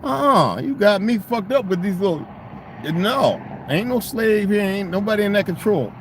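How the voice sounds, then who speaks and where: A middle-aged man in a casual, profane rant, swinging into loud, mocking quotes of other people. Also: high-pitched, animated, normal speed, a little hiss or hum. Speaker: vlogger.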